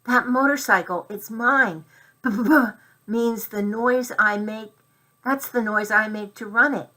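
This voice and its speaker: A woman's voice: a little high, a little slow, pushed and bright, voice pushed up. A woman voicing a small, plucky male mouse who talks eagerly and pleads, in a children's storybook reading. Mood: urgent.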